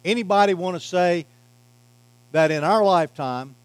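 A man preaching a sermon as pastor, emphatic, swinging from loud to quiet and slowing on key words. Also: high voice, clear, resonant tone, dry recording, poor audio. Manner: emphatic preaching, varying loudness and pace.

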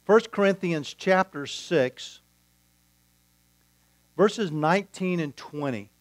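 Male pastor, slow deliberate sermon delivery, slightly high voice, dry close sound. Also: dry recording. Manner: storytelling with quoted dialogue, deliberate pauses.

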